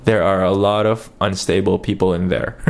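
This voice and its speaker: A man's voice: deep voice, steady tone, moderate pace, vocal fry. A man from the Philippines with an American accent, telling stories in a casual vlog and acting out the quotes. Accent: American English. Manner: chatty storytelling, acts out quotes. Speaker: YouTuber.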